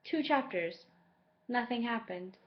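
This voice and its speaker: A woman's voice: a little high, expressive, a little slow, lo-fi sound. A woman reading a novel aloud, breaking off for sarcastic asides and stumbling over lines, then rereading them. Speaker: reader of a novel.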